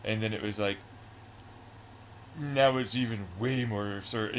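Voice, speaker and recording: A man's voice: mid-range voice, moderate pace, a bit bright, a little hiss or hum. A man streaming live, chatting loosely with viewers, swearing and trailing off into asides. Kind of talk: casual rambling chat.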